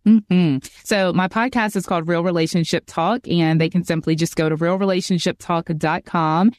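A woman's voice: on the low side, fairly even intonation, normal speed, a little mellow, no room sound. A woman who works as a marriage coach, a guest on a podcast, speaking earnestly and in a teaching way. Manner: earnest, instructive, quotes others. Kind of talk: casual Christian podcast interview.

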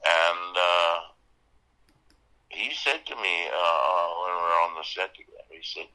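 An older man with an Australian accent, reflecting in an interview in a halting way, full of fillers and restarts. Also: low-pitched, pushed and bright, smooth, poor audio. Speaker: interview guest, actor.

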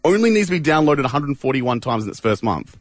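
A man's voice: medium pitch, big pitch swings, quick pace, no room sound, studio quality. A man hosting a radio show, teasing and playful in casual banter. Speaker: radio host.

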